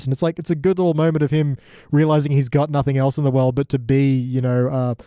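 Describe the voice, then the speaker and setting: A man co-hosting a podcast, casually recapping scenes and slipping into quick character impressions. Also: mid-range voice, level tone, dark tone, no echo, clean studio sound. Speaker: podcast co-host.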